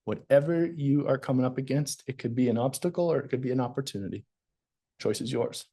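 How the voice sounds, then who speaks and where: A man guesting on a podcast as a performance coach, talking in an energetic, emphatic, motivational way. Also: mid-range voice, fairly quick, slightly rough. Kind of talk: casual conversational interview.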